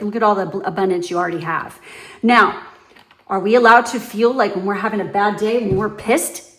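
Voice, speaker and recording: A woman giving her viewers a casual, foul-mouthed pep talk as a tarot reader, blunt and emphatic. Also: medium pitch. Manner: blunt and profane, emphatic, swings between loud and soft.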